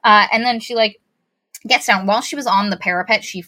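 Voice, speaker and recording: Host, woman, bright sarcastic book-roast chatter, dry close mic. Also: mid-range voice, brisk, no echo. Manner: sarcastic, rambling plot recap. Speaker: podcast host. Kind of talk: casual book review chat.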